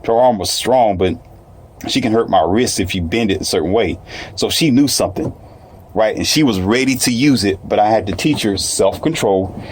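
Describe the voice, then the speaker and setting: A man's voice: fairly low pitch, normal speed, a little hiss or hum. A man telling a personal story in casual, colloquial speech, repeating phrases and addressing listeners directly.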